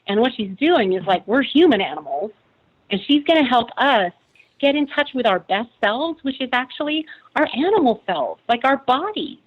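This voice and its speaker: A woman's voice: on the high side, big pitch swings, moderate pace, slightly rough, dull audio. A woman calling in as a friend of the guest, speaking with emotion and pouring out praise. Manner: emotional, gushing, full of praise. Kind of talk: heartfelt testimonial.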